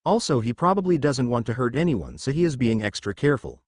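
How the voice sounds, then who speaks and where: A male reader gives voice to a cheeky young godfather who boasts with self-satisfied charm. The reading moves lively in pitch and sounds dry and close. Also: quick pace, dry recording.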